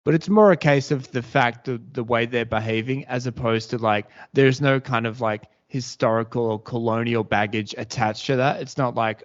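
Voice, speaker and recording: A man hosting a casual podcast chat, talking in a rambling, halting way full of restarts. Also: medium pitch. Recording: dull lo-fi podcast audio.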